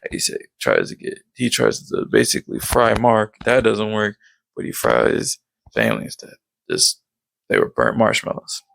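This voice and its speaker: Gravelly-voiced man rambling through a recap. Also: fairly low pitch, normal speed, no room sound, rough recording. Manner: rambling, filler-heavy, leans on "basically" and "like"; excited storytelling with sound-effect words. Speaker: show recap vlogger. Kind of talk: casual episode recap.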